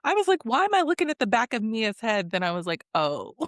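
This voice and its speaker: Animated woman host recapping gossip. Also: fairly high pitch, fast talker, no echo, studio quality. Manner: animated, acts out quotes with swearing and laughter. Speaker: podcast host. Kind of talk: casual reality TV recap chat.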